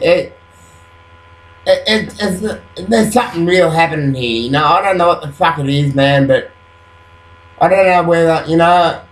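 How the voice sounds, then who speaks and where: A man rambling at night into his webcam, agitated, swearing constantly and filling gaps with "you know". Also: fairly high pitch. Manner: rambling, profane, agitated, full of fillers. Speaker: vlogger. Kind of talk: rambling late-night monologue. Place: at home at night after waking up. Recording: roomy echo.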